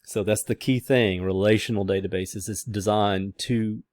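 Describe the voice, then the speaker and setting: A man's voice: fairly low pitch, fairly even intonation, moderate pace, darkish tone, dry recording, clean studio sound. A man lecturing a class in a casual, rambling way, with many fillers and restarts.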